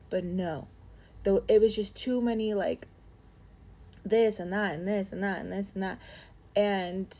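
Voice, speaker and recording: A woman's voice: medium pitch, breathy edge. Chatty young woman telling a storytime. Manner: animated, chatty, peppered with "like". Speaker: storytime vlogger. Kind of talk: casual storytime chat.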